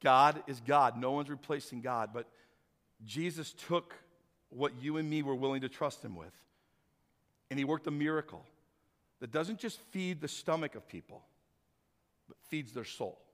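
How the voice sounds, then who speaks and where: A man's voice: medium pitch, moderate pace, long pauses. A male pastor preaching a sermon with energy, talking straight to his congregation. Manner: energetic, animated, addresses congregation directly. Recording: reverberant hall.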